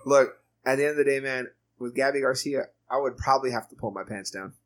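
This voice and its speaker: A man's voice: medium pitch, fast talker. A married man co-hosting a podcast, joking and laughing through crude casual banter. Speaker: podcast co-host. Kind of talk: casual chat.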